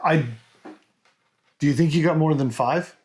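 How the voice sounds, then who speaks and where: A man co-hosting a casual whisky podcast, quizzing his co-host with big swings in his voice. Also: a little slow. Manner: animated quiz-master teasing, big pitch swings.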